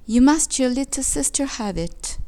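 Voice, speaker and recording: A woman reading aloud, voicing an impatient mother who chides her daughter briskly. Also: high-pitched, lively intonation, warm tone, pitched above the performer's own voice. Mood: chiding. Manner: brisk, chiding.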